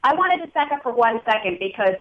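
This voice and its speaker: A woman's voice: a little high, sing-song, a little fast, highs cut off. A woman talk-show host with a New Jersey accent asks questions in a chatty, enthusiastic way. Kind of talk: casual interview chat.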